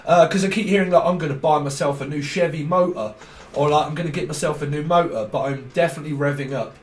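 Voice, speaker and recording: A man's voice: on the high side, fast talker, roomy sound. A man giving a casual tarot reading, playful and rambling, breaking into laughs often. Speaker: tarot reader.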